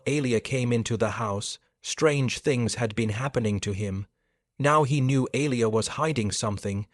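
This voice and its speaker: A man narrating a scripted supernatural story in a steady, even manner. His voice sits at a middle pitch. The recording is dry and close with no room sound. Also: dry recording.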